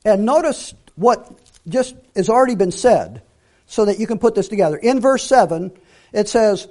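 High-voiced man teaching the Bible. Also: big pitch swings, normal speed. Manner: emphatic, repeats phrases, drops to quiet asides.

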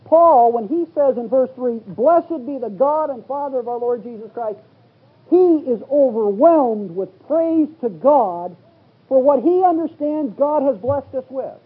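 High raspy man teaching bible verses, sounds like an old lo-fi phone recording. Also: animated, a little slow. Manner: reads scripture in King James wording, rising to exclaim. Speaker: preacher.

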